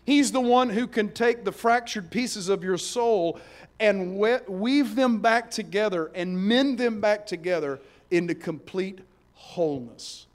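A man preaching a sermon, swinging between hushed passages and loud emphatic ones. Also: high-pitched, a little slow. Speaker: pastor.

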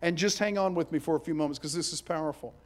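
High-voiced preaching man. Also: quick pace. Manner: emphatic preaching, swinging between hushed and loud. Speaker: pastor. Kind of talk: sermon.

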